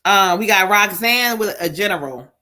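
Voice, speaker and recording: Bright hoarse-edged woman host, rushing through a busy live reading lineup with laughs. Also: medium pitch, animated. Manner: quick, busy, lots of laughing asides. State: voice going hoarse. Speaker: host and psychic reader. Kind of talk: live stream reading chat.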